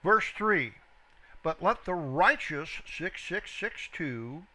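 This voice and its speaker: A man teaches scripture verse by verse at an unhurried, deliberate pace. He reads each phrase, then its reference number, and leans hard on the quoted words. His voice is bright and a little higher than most. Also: animated. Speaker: Bible teacher.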